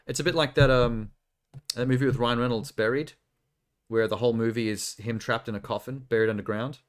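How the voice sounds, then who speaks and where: A man casually chatting on a live stream, musing in a relaxed, rambling way with lots of fillers. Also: medium pitch, brisk. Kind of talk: casual reaction stream chat.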